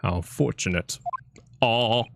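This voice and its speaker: A man voicing a pompous older British chief justice, reading game dialogue aloud in a slow, stately manner. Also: on the low side, gravelly, noisy background.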